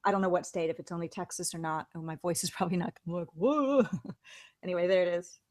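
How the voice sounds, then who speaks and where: A woman's voice: on the low side, flat delivery, fast talker, a little mellow, dry recording. A woman hosting a casual chat show, talking freely and reading viewer comments aloud. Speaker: host.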